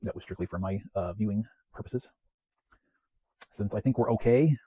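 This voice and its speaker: A man chats through his weekly vlog in a low, husky, mellow voice. He rambles casually and pokes fun at himself, pausing often to clear his throat. The sound is dry and close. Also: no room sound, muffled recording. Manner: chatty, self-deprecating, clears throat often. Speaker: home media collector vlogger. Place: home, West Coast of the US.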